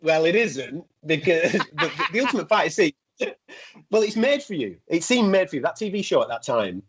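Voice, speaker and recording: A man interviewing a guest, asking questions in a quick, enthusiastic way. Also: on the high side, very animated, fairly bright tone. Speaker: interviewer, sports broadcaster. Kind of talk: casual interview. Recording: muffled lo-fi audio.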